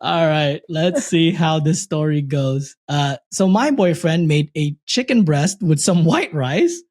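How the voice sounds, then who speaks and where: A man co-hosting a casual podcast, reading a post aloud in a steady, measured way and chatting between reads. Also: a little high. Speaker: podcast co-host reading a story.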